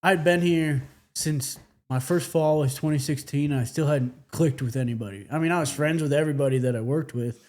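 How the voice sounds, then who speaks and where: A man's voice: fairly high pitch, darkish tone. A man from Michigan, a hunting guide, telling stories in a casual interview with frequent laughs and restarts. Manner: halting, laughing, many restarts. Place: a house in the countryside.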